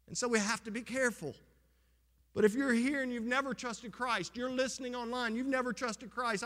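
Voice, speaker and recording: High bright-toned preacher guy, passionate sermon, echo hanging in a big hall. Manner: impassioned preaching, rising and falling intensity. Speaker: pastor. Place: church with an online audience. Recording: long hall reverb.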